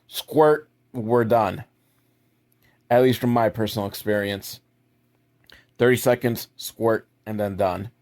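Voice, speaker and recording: A young adult man giving a crude, sarcastic comedic recap of a movie as the show's host. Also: mid-range voice. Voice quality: crude, sarcastic, mocking asides.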